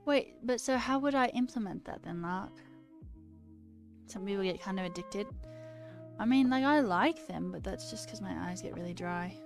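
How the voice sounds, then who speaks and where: Woman streamer coding and chatting, jokes at herself, swears a bit, soft music going in the back. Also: medium pitch, expressive, moderate pace. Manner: chatty and self-mocking, swears freely. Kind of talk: casual livestream chat while coding.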